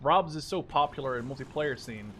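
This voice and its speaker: A man's voice: medium pitch, fairly quick, fairly bright tone. A man in his twenties, originally from the Netherlands, giving casual, rambling commentary while he plays a war game, swearing now and then. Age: 20s. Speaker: gaming YouTuber. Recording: faint game noise and artillery behind.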